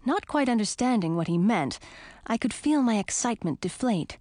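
A woman reading a first-person storybook aloud in an expressive, animated way. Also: on the high side, moderate pace, no echo. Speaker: audiobook narrator.

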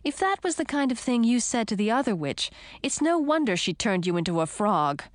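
A woman voicing a sharp-tongued young female frog princess in an audiobook, scolding in an exasperated way. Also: on the high side, big pitch swings, a little fast, no echo, pitched above the performer's own voice. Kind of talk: audiobook character voice.

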